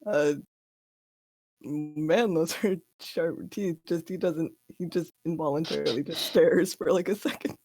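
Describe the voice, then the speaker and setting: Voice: medium pitch, steady tone, a little slow, darkish tone. A player describing their character's actions in a tabletop game, laughing often.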